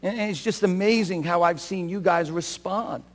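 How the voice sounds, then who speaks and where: A pastor preaching a sermon with fervor, swinging from soft talk to shouting. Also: male voice, high-pitched, normal speed, in a large hall. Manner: self-described shouter and crier. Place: church sanctuary.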